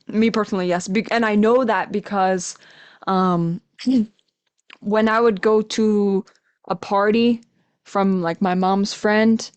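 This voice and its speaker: A woman's voice: mid-range voice, clear, resonant tone. Chatty young woman telling stories. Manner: animated storytelling, acts out quoted voices, laughs often. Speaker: podcast guest, language coach. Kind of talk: casual conversation.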